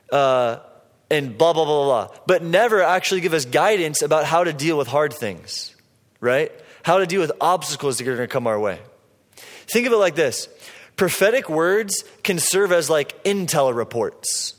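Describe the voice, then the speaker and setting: A young man giving a sermon as a preacher, conversational and animated, with frequent fillers. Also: a little high, normal speed. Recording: long hall reverb.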